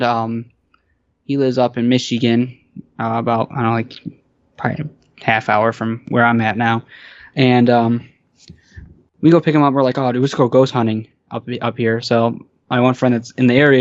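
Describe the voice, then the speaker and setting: A man's voice: mid-range voice, smooth, dry recording, muffled recording. A man telling stories as a podcast guest, casual and rambling, with lots of fillers and restarts. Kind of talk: casual storytelling.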